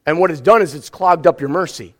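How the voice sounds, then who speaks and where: A man preaching a sermon as pastor, lively and dramatic, acting out scripture passages as he teaches. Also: fairly high pitch, brisk. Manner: animated, acts out scripture with exclamations.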